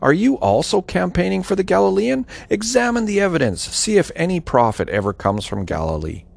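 Hostile religious leaders, put on by a man fire mocking, indignant questions in a scripture reading. The voice rises high and scornful. A gravelly edge stays in it. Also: very animated, normal speed, full character voice.

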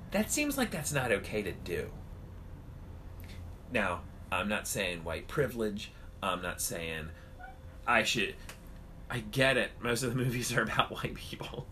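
A man co-hosting a casual podcast chat, ranting and swearing in an animated way. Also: mid-range voice, a little hiss or hum.

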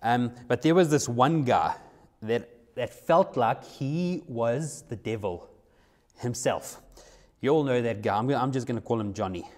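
A man's voice: medium pitch, unhurried. A young adult man, a youth pastor telling a personal story in a sermon, conversational and repeating phrases for emphasis.

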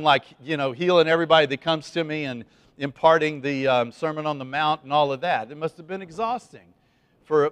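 A man's voice: fairly high pitch, fairly bright tone, no echo. A man preaching a sermon to his congregation in a loose, conversational way, full of asides, fillers and restarts. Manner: chatty, folksy, lots of fillers and restarts. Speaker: pastor.

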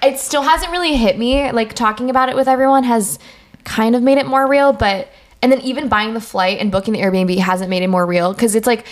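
Chatty young woman, bit high. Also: brisk. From France. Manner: chatty, leans heavily on "like". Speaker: podcast co-host. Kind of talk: casual chat.

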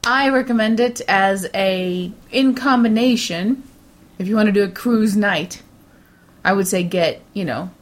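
A woman co-hosting a podcast in casual chat, tired from poor sleep, chatty and quick to laugh. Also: mid-range voice. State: tired, yawning. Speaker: podcast co-host.

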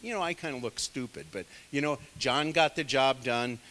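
A man's voice: mid-range voice, moderate pace, fairly bright tone, in a large hall, slight background noise. A man leading a casual Bible study, talking in a rambling, digressive and self-deprecating way, full of conversational asides. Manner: many fillers, conversational asides. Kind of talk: casual teaching sermon.

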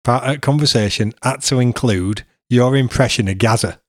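A man's voice: medium pitch, moderate pace, no echo, clean studio sound. A middle-aged man, hosting a podcast and chatting casually with his son, laughing often. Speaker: podcast host.

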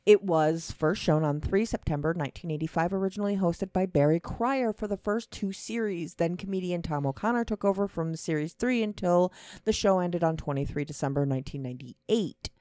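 A woman's voice: lowish voice, a little fast, dark tone, no room sound, studio quality. A woman co-hosting a casual comedy podcast. She reads trivia aloud, laughs often and swears freely. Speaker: podcast co-host. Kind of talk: casual comedic chat reading from Wikipedia.

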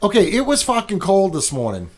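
Podcast host, male, fairly high voice, loose and profane, ribbing his co-hosts. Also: wildly swooping pitch, a little fast. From New England. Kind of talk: casual podcast banter. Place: heated garage studio.

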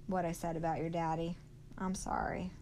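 A woman's voice: fairly low pitch, level tone, moderate pace, a little mellow, slight background noise, close to an everyday voice. A woman reading as a shy earnest boy.

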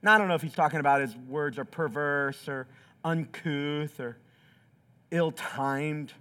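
A man's voice: a little high, unhurried, bright, forceful tone, clean tone. A pastor preaching a sermon in a church, acting out quotes with big swings in his voice. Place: church sanctuary.

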